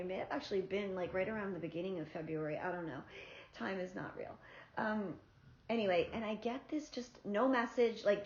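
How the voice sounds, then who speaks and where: Profane, candid woman vlogger in a roomy space. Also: mid-range voice. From South Florida. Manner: candid, profane, animated retelling. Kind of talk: casual storytelling. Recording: roomy, slightly dull sound.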